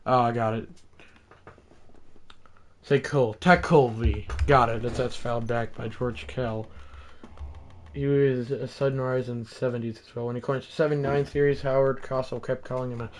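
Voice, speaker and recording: A man doing play-by-play for a baseball video game, chatting and correcting himself between plays and shouting on big hits. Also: mid-range voice, steady tone, normal speed, slight background noise. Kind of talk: play-by-play commentary with rambling asides.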